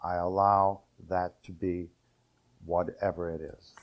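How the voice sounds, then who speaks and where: A man, an enneagram teacher, explaining principles in a calm, measured cadence. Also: low voice.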